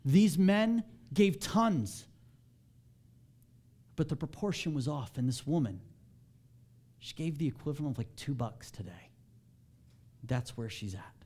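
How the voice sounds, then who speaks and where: Male pastor, sermon delivery, mellow tone, animated and conversational, climbs higher and louder on key points. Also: a little slow, pauses often. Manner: animated, rising in pitch and volume when stressing a point.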